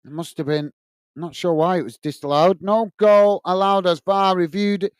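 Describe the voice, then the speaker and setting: Chatty high-voiced male football host. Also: moderate pace, clear, resonant tone, dry recording. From United Kingdom. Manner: friendly, reads out viewer messages, frequent "mate" and "uh" fillers; excited goal call. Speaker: watch-along host. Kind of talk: live football watch-along commentary and chat.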